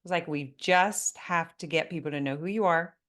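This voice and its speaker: A woman's voice: sits low, moderate pace. A woman hosting a business interview, speaking emphatically and turning to address the listeners as a coach. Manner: animated, emphatic, talks directly to listeners. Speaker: business coach and podcast host.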